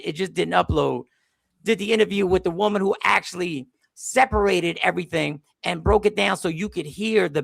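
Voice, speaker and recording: High gravelly man, heated commentary. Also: pushed and bright, dry recording. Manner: heated, emphatic, repeats himself. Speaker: show host. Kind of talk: casual live-stream commentary.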